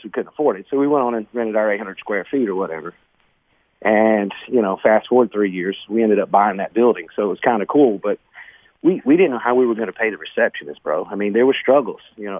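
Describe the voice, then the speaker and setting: A middle-aged man talks earnestly through his own story, often saying "man" and "bro." His voice sits a little low. It comes through a thin, phone-like line in a dry space. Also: dry recording. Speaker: guest, business owner. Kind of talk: conversational interview storytelling. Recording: tinny phone-like sound.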